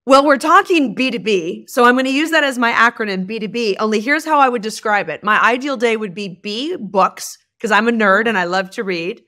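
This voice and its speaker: A woman guest on a podcast, a leadership coach, talking in a bubbly, expressive way and laughing often. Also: a little high, fairly quick, hardly any pauses. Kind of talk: casual podcast interview.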